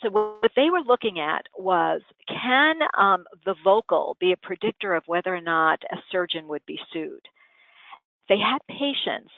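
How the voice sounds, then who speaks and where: A woman's voice: mid-range voice, dry recording. A woman giving a lecture on communication, acting out vocal habits as examples. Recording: tinny phone-like dry sound.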